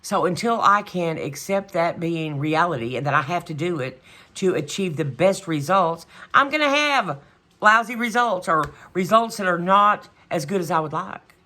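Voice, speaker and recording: A middle-aged woman talks straight to her camera at home in a casual vlog. Her voice sits a little low in pitch but sounds bright and forceful. She rambles and vents in an exasperated way, often trailing off with a shrug of "whatever". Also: lively intonation, moderate pace. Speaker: vlogger. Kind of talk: casual chat.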